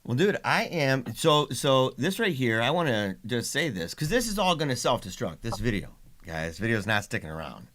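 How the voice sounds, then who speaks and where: A man's voice: medium pitch, big pitch swings, normal speed, few pauses, fairly bright tone. A middle-aged man hosting a casual livestream, chatty and laughing, with many restarts. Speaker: livestream host and father.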